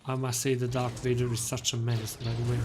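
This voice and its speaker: A man's voice: mid-range voice, monotone, fast, noisy background. A young man streaming a video game live, cheerfully greeting viewers and reading the chat aloud, laughing often.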